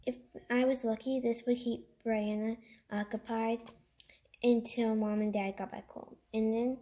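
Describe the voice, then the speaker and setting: A woman reading a book aloud in a halting way, stumbling, restarting and breaking off to chat. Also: a little high, little pitch movement, dark tone. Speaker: reader.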